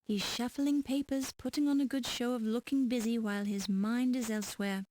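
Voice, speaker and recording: A woman's voice: on the high side, steady tone, normal speed, mellow, dry recording, natural voice. A woman reading scripted narration and notices for a 1990s adventure game. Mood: calm.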